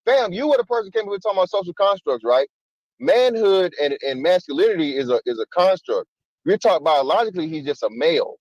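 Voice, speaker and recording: A man's voice: on the high side, a little mellow, no echo, muffled recording. A man arguing his point in a heated casual debate, cutting in and repeating himself. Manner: insistent, repeats himself to hold the floor. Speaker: panelist.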